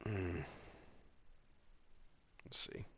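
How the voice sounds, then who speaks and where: A man's voice: extremely slow, a bit bright. A man with a Southern American accent chatting casually with viewers while streaming a racing game, joking and reading the chat aloud. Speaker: gaming streamer.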